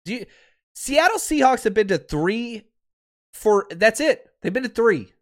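Male podcast host in his thirties, high and lively voice, sarcastic fired-up fan rant. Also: measured pace. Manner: heated, sarcastic ranting with mocking quotes; calms to a quieter, lower promo pitch.

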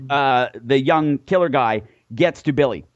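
A man's voice: mid-range voice, unhurried, lo-fi sound. A man co-hosting a casual film podcast, recapping the plot and dropping dry, wry jokes. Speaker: podcast co-host. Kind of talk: casual movie discussion.

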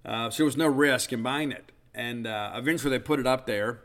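A podcast host in his fifties tells a rambling, self-deprecating story full of fillers as a casual storytelling monologue. His medium-pitched voice is a bit bright and moves a little fast.

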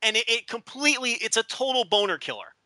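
A man's voice: very high voice, expressive, fast talker, bright, forceful tone, no echo. A man co-hosting a podcast, chatting casually and rambling, with lots of stammered restarts and mocking asides. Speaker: podcast co-host.

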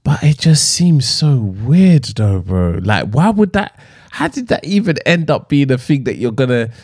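A young man, chatting casually as a podcast co-host in a relaxed, easy-laughing way. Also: medium pitch, a little slow, slightly rough, no echo, studio quality. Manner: laid-back, says bro a lot, laughs easily. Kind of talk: casual chat.

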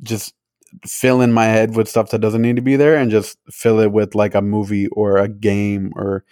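Young male podcast co-host, relaxed rambling chatter, low pitch, dry booth sound. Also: normal speed, no room sound. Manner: rambling, many "like" fillers, laughs easily. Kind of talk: casual chat.

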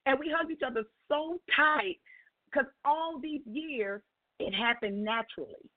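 A woman's voice: high-pitched, a little slow, no room sound. Woman telling a testimony over the phone. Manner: lively storyteller acting out dialogue. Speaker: guest on call-in radio show. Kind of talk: personal testimony storytelling. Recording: tinny phone line.

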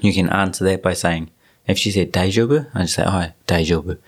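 A man hosting a podcast in casual chat, easygoing and relaxed with lots of fillers. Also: low voice, a little fast, slightly rough. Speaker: podcast host.

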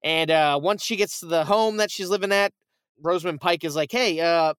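A man retelling a movie plot in casual podcast chat, animated and swearing, acting out the characters' quoted lines. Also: high voice, clean tone, no echo. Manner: animated storytelling, swearing, quick quoted asides.

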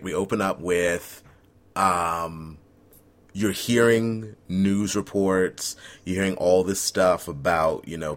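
A man co-hosting a casual podcast chat, laying out ideas in vivid, scene-by-scene detail. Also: deep voice. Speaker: podcast co-host.

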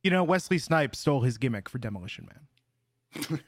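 A man's voice: mid-range voice, lively intonation, normal speed, no echo, clean studio sound. A man co-hosting a podcast in casual chat, with a playful, theatrical announcer-style delivery. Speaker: podcast co-host.

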